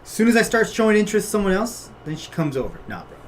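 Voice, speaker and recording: Male guest, high and very lively voice, blunt and slangy. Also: very fast, a little hiss or hum. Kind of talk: casual gaming podcast chat.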